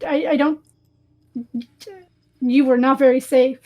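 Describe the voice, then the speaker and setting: A woman's voice: sits high, steady tone, takes it slowly, dark tone. A woman voicing a flustered adventurer who stammers in disbelief.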